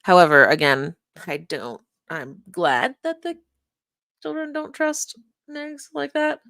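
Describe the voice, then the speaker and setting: A woman's voice: on the low side, slow, creaky, fairly bright tone, dry recording, clean studio sound. A woman streamer giving sarcastic, pointed reaction commentary on a livestream.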